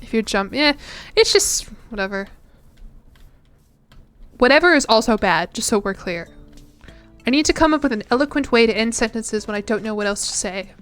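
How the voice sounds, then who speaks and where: A woman's voice: on the high side, expressive, moderate pace, long pauses, a bit bright, clear, resonant tone, faint music behind. A young woman streamer chatting casually while gaming, rambling and self-deprecating.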